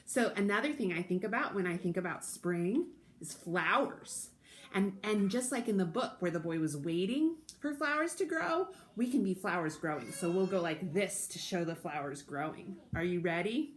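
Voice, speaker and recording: A woman hosting a children's storytime from home, leading a sing-along with a gentle, encouraging manner. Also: fairly low pitch, animated, normal speed. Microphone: recording alone to camera.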